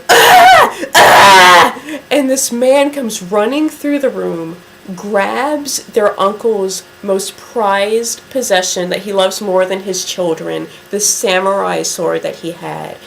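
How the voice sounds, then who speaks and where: A woman vlogger tells a story to camera at an unhurried pace. Her talk is chatty and drawn out, full of "like." Her pitch sits mid-range, with a faint hiss behind her. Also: vocal fry, rough recording. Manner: chatty, drawn-out telling with many "like" fillers.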